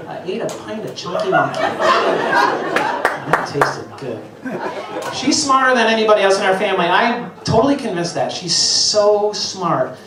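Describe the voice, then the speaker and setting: Man, middle-aged, stand-up comedian, swearing, self-mocking, lively swooping pitch, echoey room, far from mic. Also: slight background noise. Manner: profane, self-mocking storytelling. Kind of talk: stand-up routine. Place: stage before a live audience. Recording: echoey venue, voice heard from a distance, loud ambience.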